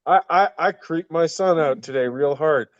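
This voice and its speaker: A man's voice: fairly high pitch, moderate pace, no echo, highs cut off. A man telling rambling stories on a casual stream call, laughing as he goes. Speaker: guest on a stream. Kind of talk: casual storytelling chat.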